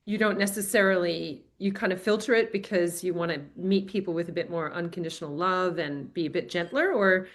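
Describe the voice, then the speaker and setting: A woman's voice: fairly low pitch, fairly quick, hardly any pauses. A woman from Australia hosting an interview, listening attentively and asking long, rambling questions full of restarts. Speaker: interview host, medical intuitive. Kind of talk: casual interview.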